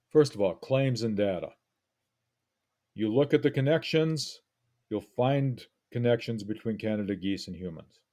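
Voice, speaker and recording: Slow, reflective male writing teacher. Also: lowish voice, warm tone. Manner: deliberate, reflective, pauses often. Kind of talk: lesson analyzing an essay.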